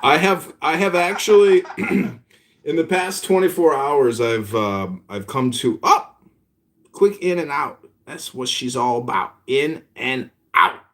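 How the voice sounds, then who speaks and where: A man's voice: mid-range voice, animated, slow. Rambling, self-mocking man hosting a chat room. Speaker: room host. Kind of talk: casual online audio-room chat.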